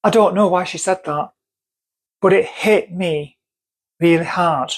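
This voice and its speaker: A woman's voice: lowish voice, a little slow. A woman with a North Manchester accent telling a personal story to camera, earnest and emphatic, repeating phrases for stress. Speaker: vlogger.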